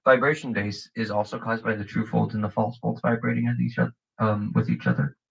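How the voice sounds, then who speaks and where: A young man casually explaining beatbox basses on a livestream, rambling with lots of "you know" and "like" and clearing his throat often. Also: muffled recording. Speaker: beatbox teacher.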